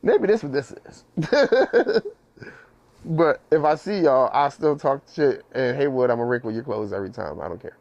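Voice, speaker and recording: Gravelly-voiced man telling a story. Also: medium pitch, normal speed, no echo, dull audio. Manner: animated, slangy, acts out quoted voices. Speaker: podcast host. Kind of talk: casual storytelling.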